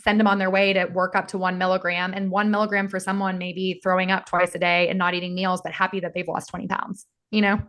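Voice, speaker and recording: A woman with a hoarse, worn voice answers questions on a video call. She talks eagerly in quick bursts. She sounds like an experienced health professional. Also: fairly low pitch, level tone, a bit bright. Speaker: functional medicine practice founder, guest.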